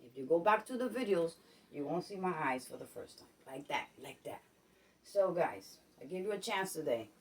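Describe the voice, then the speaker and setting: A woman's voice: deep voice, very animated, normal speed. A woman from Puerto Rico giving casual advice on her vlog at home. She repeats herself and keeps checking in with "okay?". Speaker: vlogger. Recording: voice a bit distant from the mic.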